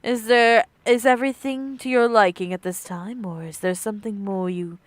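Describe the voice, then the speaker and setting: A woman voicing a soft-spoken, courteous guide, reading game dialogue aloud in a lower, quieter formal tone. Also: steady tone, normal speed, no echo, natural voice.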